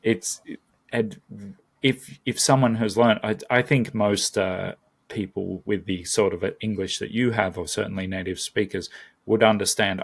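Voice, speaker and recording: A man's voice: lowish voice, steady tone, a little slow, creaky, breathy edge. A man with an Australian accent, chatting casually as a guest and often breaking off to restart his thought. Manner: chatty, self-interrupting. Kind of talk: casual conversation.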